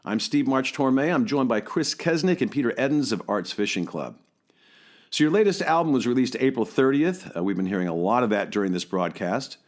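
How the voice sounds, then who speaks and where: A man hosting a radio interview show, reading station announcements and asking questions in a measured announcer manner. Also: mid-range voice, lively intonation. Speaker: radio host.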